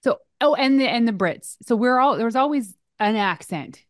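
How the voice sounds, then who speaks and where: A woman from Canada, a PR expert, talking as a guest on a podcast in an energetic, casual way. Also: fairly high pitch, moderate pace, no echo, clean studio sound. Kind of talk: casual interview chat.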